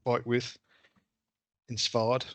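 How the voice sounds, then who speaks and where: A man's voice: mid-range voice, monotone, very slow, no echo. A man, a player chatting casually at a tabletop game, hesitant and thinking aloud.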